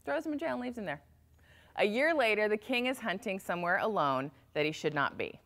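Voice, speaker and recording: A woman telling a motivational story in an animated way, shifting her pace and volume for effect. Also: mid-range voice, a little fast.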